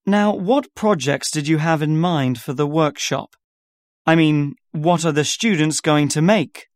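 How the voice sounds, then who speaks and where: A man's voice: a little high, a little slow, no echo, clean studio sound. A man as an organizer in a scripted listening-test dialogue, repeating details back carefully. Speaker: workshop organizer.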